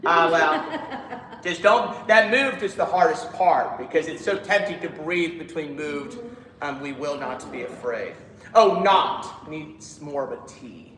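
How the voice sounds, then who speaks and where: Choir director in an echoey hall. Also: male voice, on the high side, lively intonation, a little slow, fairly bright tone, a little hiss or hum. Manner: demonstrates lines by singing, counts in. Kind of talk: choir rehearsal coaching.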